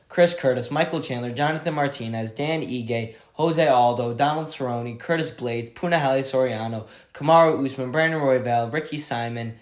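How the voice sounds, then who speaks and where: A male vlogger giving an excitable, slangy recap of a fight week, full of "like"s. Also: medium pitch. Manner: excitable, slangy storytelling with many "like"s. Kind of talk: casual event recap vlog.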